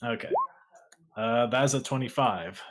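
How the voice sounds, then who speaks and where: A man playing a tabletop role-play who keeps saying 'like' and leaps up in pitch when he speaks as his character. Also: moderate pace, background noise. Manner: lively, peppered with 'like', jumps high for character lines. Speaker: player.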